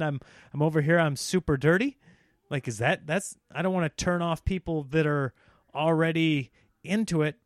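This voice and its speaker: A man's voice: fairly high pitch, no room sound, clean studio sound. A man hosting a comedy podcast alone, rambling and interrupting himself, often laughing at his own jokes. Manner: mocks politicians in a put-on speech voice.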